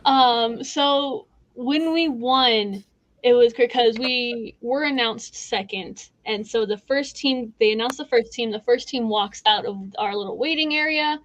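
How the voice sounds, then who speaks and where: A woman's voice: fairly high pitch, a little slow, a bit bright, no echo, poor audio. A woman hosting a podcast, telling a story in casual chat, laughing and swearing often. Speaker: podcast host.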